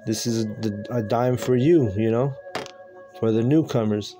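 A man's voice: mid-range voice, unhurried, music in the background. A man teaching from scripture in a loose, conversational way, full of slang, restarts and filler words. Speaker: preacher.

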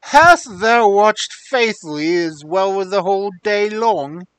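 A man's voice: high voice, lively intonation, takes it slowly, a bit bright, clear, resonant tone, dry recording, voice pushed up, heavily acted. A man voicing a fairy-tale king who speaks in formal, archaic, commanding tones. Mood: stern. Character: stern old-fashioned king, demanding and harsh.

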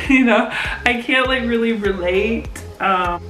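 Brief: young woman vlogger, unhurried giggly chat, roomy echoey room. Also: on the high side, fairly bright tone, soft background music. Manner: giggly, chatty, lots of fillers. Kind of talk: casual vlog chat. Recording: roomy echo.

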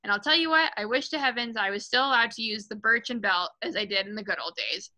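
A woman's voice: a little high, quick pace, bright, forceful tone, rough recording. A woman reading aloud and voicing a huge, bullying female headmistress who barks and mocks. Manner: barking, snapping, mocking.

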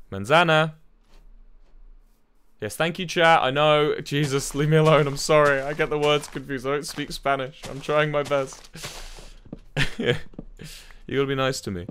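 A man's voice: mid-range voice, fairly bright tone, clear, resonant tone. A man streaming a video game, chatting playfully and joking in broken Spanish. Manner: playful, mock-Spanish banter, swearing. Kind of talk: casual live-stream chat.

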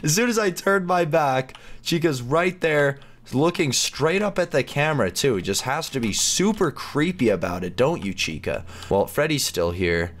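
A man hosting a gaming channel, chatting and reacting excitedly as he plays through a game. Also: medium pitch, a little slow, hardly any pauses. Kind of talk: let's play commentary.

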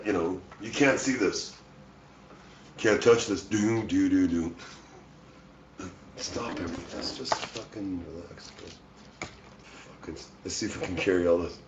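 A man's voice: low-pitched, unhurried, pauses often, lo-fi sound, a little hiss or hum. A drunk livestream musician rambling and swearing to his chat viewers.

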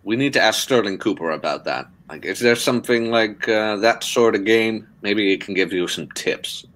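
A man in casual podcast chat, joking and chatty, quick to chime in with his own stories. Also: on the low side, a bit bright.

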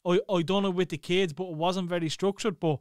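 High, smooth Irish podcast host. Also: male voice, fairly even intonation, brisk, no room sound, clean studio sound. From Ireland. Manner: loose, swearing, banter. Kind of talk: casual podcast chat. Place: podcast studio.

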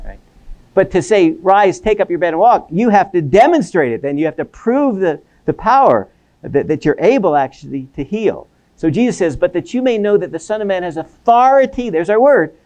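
Seminary lecturer, male, slightly high voice, animated delivery, frequent restarts. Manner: animated, acts out quoted voices, repeats words. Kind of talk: academic lecture. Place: lecture hall.

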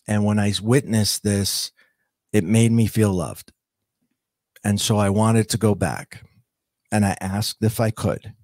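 A man's voice: on the low side, a little mellow, no echo, clean studio sound. A man telling his own near-death story as a podcast guest, earnest and reflective, stopping and restarting as he searches for words. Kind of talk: personal storytelling.

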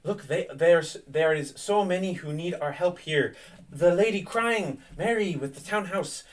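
A man's voice: high voice, unhurried, distant mic, pitched above the performer's own voice. A man voicing Irina, an earnest young noblewoman. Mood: earnest pleading. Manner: earnest, pleading. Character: stubborn protective young noblewoman.

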